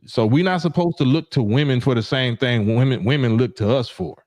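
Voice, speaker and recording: A man's voice: mid-range voice, fairly quick, darkish tone, dry recording. Male livestream host, casual rambling talk, dry close sound. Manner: rambling, repeats "you know what I'm saying", acts out quoted voices.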